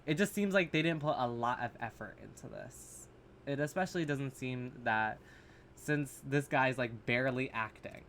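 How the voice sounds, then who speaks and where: A man's voice: medium pitch, normal speed, a bit bright, a little hiss or hum. A man casually reacting to horror short films, blunt and sarcastic, swearing freely and restarting his sentences. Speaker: reaction video host.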